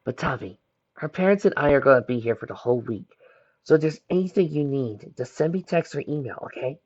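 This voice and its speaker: A man's voice: medium pitch, lively intonation, brisk, a little mellow, slightly rough. A man voicing a young woman who is a caring, upbeat foster sister, speaking in a friendly, reassuring way in a fan fiction reading. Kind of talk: fan fiction read aloud. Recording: dull lo-fi home recording.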